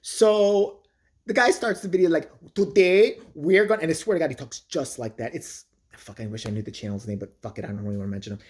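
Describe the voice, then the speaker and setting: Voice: medium pitch, fast talker. A vlogger ranting crudely and mockingly, swearing often in a comedic monologue. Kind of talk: profane comedic rant.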